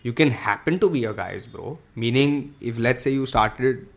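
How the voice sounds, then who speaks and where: A man's voice: medium pitch, expressive, normal speed, gravelly. A young man hosting a casual solo podcast, ranting and joking with lots of swearing and Hindi phrases mixed in. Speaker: podcast host.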